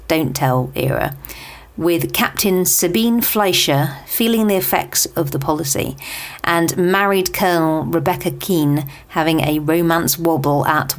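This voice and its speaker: Chatty British woman, low voice. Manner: chatty, with asides and fillers. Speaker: podcast host. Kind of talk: scripted book chart roundup.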